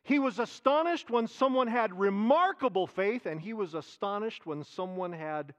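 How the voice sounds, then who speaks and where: A male pastor preaching a sermon, animated, repeating key phrases and dropping into soft asides. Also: high-pitched, normal speed, muffled recording.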